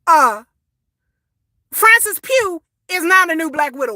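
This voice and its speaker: A woman, ranting casually to her viewers, sassy and animated, swearing and repeating words as she goes. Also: very high voice, slow, no room sound, clean studio sound. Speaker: commentary vlogger. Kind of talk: casual opinion rant.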